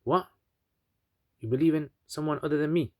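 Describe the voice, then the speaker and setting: A man's voice: on the low side, fairly even intonation, brisk, dark tone, no room sound, studio quality. A man voicing an evil, proud king from a retold story, barking orders and scoffing. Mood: indignant.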